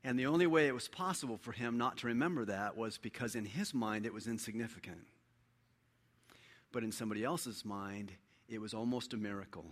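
A man preaching a sermon as a pastor, building up to loud, impassioned preaching. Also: fairly low pitch, brisk. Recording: hall reverb.

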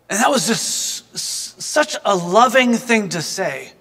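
A man with a high-pitched voice tells a personal story as a devotional reflection. He is earnest and thoughtful and keeps turning to address the listener. His voice carries a long reverb tail. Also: lively intonation, measured pace, few pauses, bright, forceful tone, slightly rough. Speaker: speaker giving a devotional reflection.

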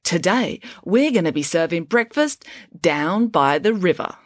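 A woman reading a children's chapter book aloud in an expressive storytelling voice, close to the microphone. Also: lowish voice, unhurried, dry recording. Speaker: audiobook reader.

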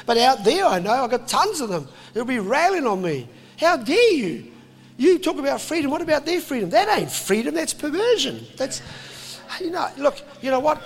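A man preaching to a crowd, animated and jokey, slipping into voices. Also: very high-pitched, normal speed, in a large hall. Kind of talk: impassioned sermon to a crowd.

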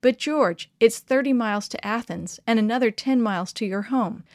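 Woman reading a calm kindly camp pastor. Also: on the high side, moderate pace, no room sound, studio quality, natural voice. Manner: calm, gentle.

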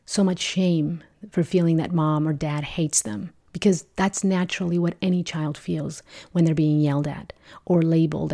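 A woman hosting a parenting podcast, explaining in a gentle, patient, instructive way. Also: low-pitched. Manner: gentle, patient and instructive, with shouted example quotes. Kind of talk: calm explanatory podcast talk.

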